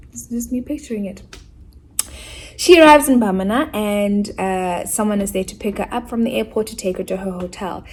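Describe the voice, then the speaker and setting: Woman from Africa, book reviewer, middle pitch, animated chatty rant with mock-outraged asides. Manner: acts out characters' lines in quick asides.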